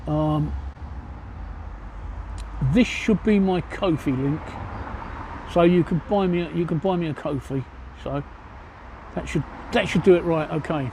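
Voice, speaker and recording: An older man with an English accent chats bluntly and jokily with his viewers, his voice sitting a little high yet mellow and dark. He talks into a phone outdoors, with faint street noise behind him. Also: a little slow, pauses often. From England. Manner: blunt, joking, matter-of-fact. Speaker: livestreamer answering viewer chat. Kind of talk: casual chat Q&A. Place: outdoors by a pub. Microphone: cell phone.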